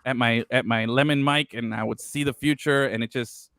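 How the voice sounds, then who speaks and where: Bright, crisp-voiced man rambling about football. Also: medium pitch, fairly even intonation, normal speed, dry recording. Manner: loose and profane, rambling with fillers. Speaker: podcast co-host. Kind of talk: casual sports talk.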